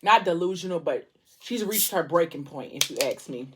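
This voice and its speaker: A woman's voice: lowish voice, animated, moderate pace, husky. A woman vlogger chatting casually, telling a story while she eats between phrases. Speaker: mukbang vlogger. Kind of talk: casual chat.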